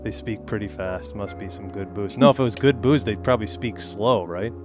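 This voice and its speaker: A man's voice: lowish voice, fairly quick, music in the background. A man, a game composer, chatting casually on a live stream in an easygoing, joking way, thinking aloud.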